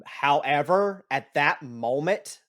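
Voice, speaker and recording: A man narrating a tabletop game as game master, in a slow and rambling way with restarts. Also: fairly high pitch, expressive, fairly bright tone.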